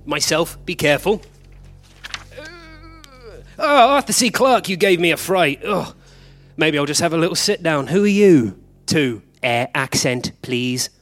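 A man's voice: a little high, expressive, fairly bright tone, faint music behind. A man playing a flustered, bickering time traveller. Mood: confused, bickering. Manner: bickering, quick confused back-and-forth. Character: flustered male time traveller meeting copies of himself. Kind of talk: live comedy stage play. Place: theatre stage, recorded live.

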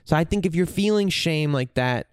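Candid man talking, smooth dry voice. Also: a little high, expressive, normal speed, no room sound. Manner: candid, profane, searching for words. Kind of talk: reflective casual monologue.

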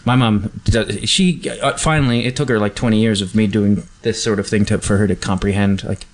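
A man's voice: on the low side, steady tone, brisk. A man hosting a casual interview podcast, asking curious questions and rambling between them. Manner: curious, rambling, laughs easily. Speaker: podcast host.

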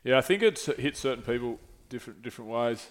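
Candid, swearing bloke telling a story. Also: male voice, mid-range voice, expressive, fast. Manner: candid storytelling, frequent swearing, many restarts. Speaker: podcast host. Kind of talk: casual chat.

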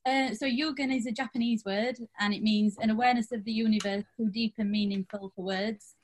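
A young woman being interviewed as a guest, relaxed and a bit hesitant, often trailing off softly. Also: on the high side, brisk, a little hiss or hum. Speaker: guest, outdoor brand founder. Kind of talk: casual interview.

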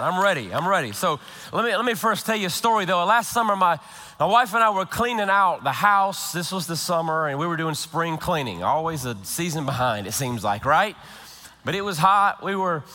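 A man, a pastor, preaching a sermon, praying and telling a humorous story in an animated way with quick restarts. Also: high voice, in a large hall.

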